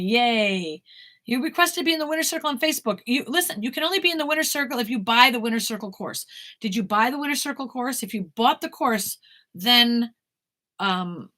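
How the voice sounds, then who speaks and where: A woman's voice: fairly high pitch, brisk, bright, forceful tone. A woman, a talent manager, bluntly answering viewer questions in a casual live Q&A, swearing now and then.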